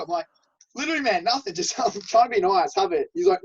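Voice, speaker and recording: A young man co-hosting a podcast, telling stories in a casual, animated way and acting out what others said. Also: high voice, fast talker, slightly rough. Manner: animated, laughing, acts out quotes. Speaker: podcast co-host. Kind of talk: casual storytelling chat. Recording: dull lo-fi sound.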